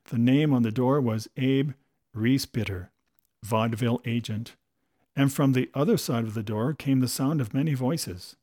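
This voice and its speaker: A man's voice: normal speed, dry recording, studio quality. A man reading a comic first-person story aloud in a breezy, chatty way. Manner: breezy and chatty, with lively jumps in pitch.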